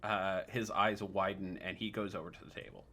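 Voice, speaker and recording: Low-voiced man running a tabletop game. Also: flat delivery, sharp tone. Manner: halting, many fillers. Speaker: game master.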